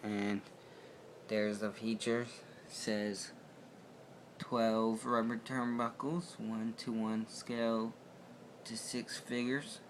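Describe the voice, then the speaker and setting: A man's voice: fairly low pitch, little pitch movement, takes it slowly, pauses often, a little hiss or hum. A young man reviewing a toy wrestling ring at home in a rambling, loosely unscripted way, picked up by the camera mic. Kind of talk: casual video toy review.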